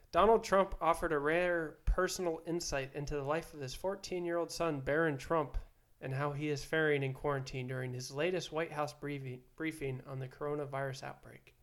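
A man with a slightly higher voice hosts a casual podcast. He reads news stories aloud and teases his co-host in a quiz game, in relaxed everyday conversation. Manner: reads headlines aloud, teasing quiz-master.

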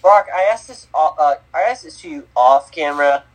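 A man's voice: on the high side, animated, normal speed, low-quality recording. A man co-hosting a sports podcast, teasing and wisecracking with the others. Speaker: co-host. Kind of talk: casual sports podcast chat.

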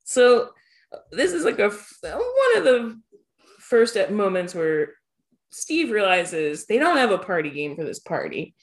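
Woman podcast co-host, casual joking recap chat, average pitch. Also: very animated, unhurried. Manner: chatty, joking, laughs often.

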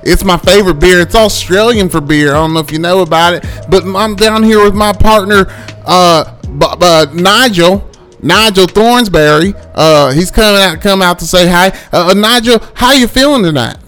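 A man voicing a loud, over-the-top fake Australian party host in a deliberately bad put-on accent. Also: sits high, soft background music, pitched above the performer's own voice. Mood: hyped.

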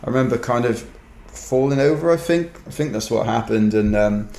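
A man's voice: medium pitch, expressive, normal speed, a little mellow. A Welsh man telling a rambling, wry story in casual chat, dotted with "kind of" and "you know". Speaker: ultrarunner guest. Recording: roomy echo.

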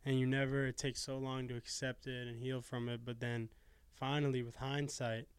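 A man's voice: medium pitch, flat delivery, normal speed, smooth, no room sound. A man in his twenties, a podcast guest talking in a casual, earnest and reflective way and swearing now and then. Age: 20s.

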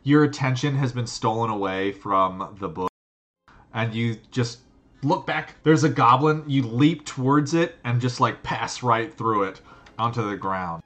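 A man's voice: mid-range voice, unhurried, fairly bright tone. A man narrating as game master of a tabletop game over a video call, describing scenes loosely with plenty of "like" and "um". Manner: loose and rambling, full of fillers.

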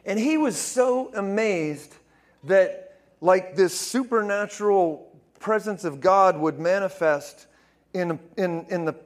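A man preaching to a room and telling stories in a loose, chatty way. His voice sits high for a man, and he stumbles through fillers and restarts. At the big moments he climbs even higher and nearly shouts. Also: slow pace. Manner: casual, many fillers, grows excited and loud in climaxes. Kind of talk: conversational sermon storytelling.

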